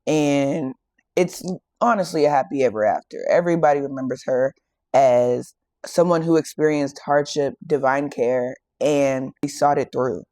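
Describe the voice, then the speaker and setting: A woman hosting a faith and fitness channel who retells a Bible story in a casual, animated way and acts out the quoted lines. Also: extremely low pitch, normal speed, dry recording, studio quality.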